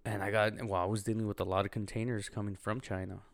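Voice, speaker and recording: A young man telling a profane, animated story in casual podcast chat, often laughing as he talks. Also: lowish voice, fast, creaky, no echo. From Los Angeles. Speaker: podcast co-host.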